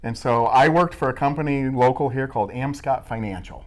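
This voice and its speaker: A man's voice: mid-range voice, brisk. A middle-aged man from Iowa, answering interview questions in a casual, joking way and teasing himself as he tells stories. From Midwest US, Iowa. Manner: joking, self-mocking storyteller. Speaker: school staff member being interviewed.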